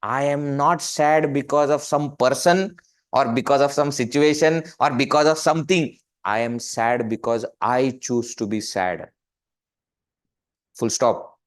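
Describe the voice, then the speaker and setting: A man giving a lively spiritual talk in Indian English, his voice sitting high for a man. He talks conversationally, firing off rhetorical questions and playing out everyday examples as he goes. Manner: animated, acts out questions and quoted people. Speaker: spiritual teacher. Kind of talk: webinar talk on joyful living.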